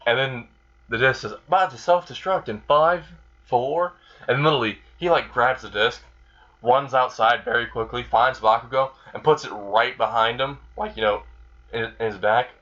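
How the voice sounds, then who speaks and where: A man's voice: mid-range voice, normal speed, fairly bright tone. Rambling man, dull lo-fi recording. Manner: rambling, loose, crude with filler words. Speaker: fan storyteller. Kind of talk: casual comedic retelling.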